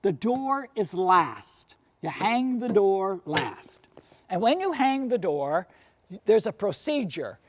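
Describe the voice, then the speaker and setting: Animated woman telling history stories. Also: mid-range voice, takes it slowly, background noise. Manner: animated storyteller with rhetorical questions and frequent "you see". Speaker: lecturer and tour guide. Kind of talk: storytelling lecture.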